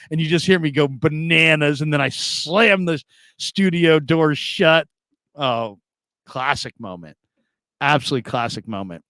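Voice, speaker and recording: A man's voice: a little high, unhurried, a bit bright, dry recording. A man hosting sports talk radio, reading listener comments in a loose, rambling way with plenty of laughs and repeated phrases.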